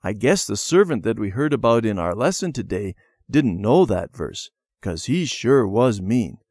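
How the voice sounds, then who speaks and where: A man's voice: fairly low pitch, sing-song, normal speed, a little mellow, dry recording, clean studio sound. A man reading as a stubborn young boy. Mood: telling.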